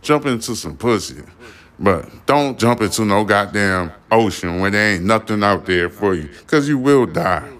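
Deep-voiced man ranting bluntly. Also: expressive, moderate pace, a bit bright. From Caribbean, family from Haiti. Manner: blunt, profane and emphatic. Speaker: podcast host. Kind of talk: podcast commentary rant.

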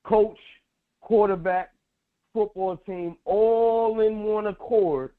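A man co-hosting a sports talk show, excitable, repeating phrases and acting out what players said. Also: high voice, takes it slowly. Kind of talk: animated sports talk chat. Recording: tinny phone-like line.

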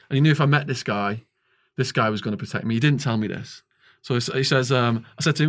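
A man's voice: mid-range voice, fast. A middle-aged English man, a podcast guest, telling a long story and acting out the quoted dialogue. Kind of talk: storytelling interview.

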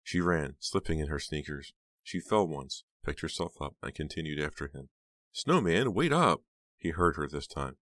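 A man narrating an audiobook in a steady, measured reading. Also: extremely low pitch, no room sound, clean studio sound.

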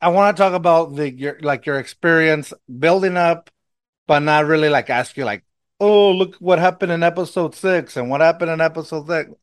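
A man with a Mexican accent hosting a podcast in casual chat, excitable and rambling, laughing often and restarting sentences. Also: a little high, moderate pace, clean tone, no echo, studio quality. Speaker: podcast host.

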